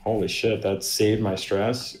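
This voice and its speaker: A man playing a tabletop game, describing his character in a halting way with many fillers. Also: fairly low pitch, flat delivery. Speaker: player. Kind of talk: casual tabletop game play.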